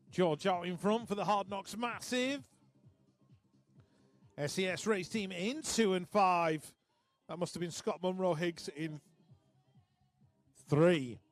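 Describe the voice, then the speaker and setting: A man giving live race commentary, chatty and joking between calls. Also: high voice.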